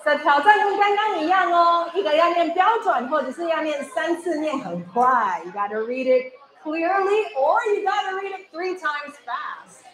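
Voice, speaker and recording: A woman's voice: very high voice, animated, moderate pace, few pauses, a bit bright. A young woman, a visiting radio presenter, leading schoolchildren through tongue twisters in an upbeat, encouraging way, often laughing. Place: school hall with children. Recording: echoey hall with children's chatter.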